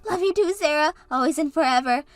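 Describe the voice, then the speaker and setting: A woman's voice: sits high, fast, no echo, clean studio sound, faint music behind, lightly acted. A woman voicing Katie, a bubbly and encouraging sister and maid of honor, in a scripted story drama. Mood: cheerful.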